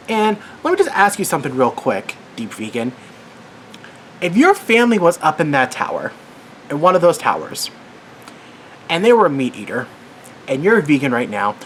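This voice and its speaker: A man's voice: a little high, fairly bright tone, a little hiss or hum. A worked-up man giving an angry commentary rant as a vlogger, swearing and exasperated.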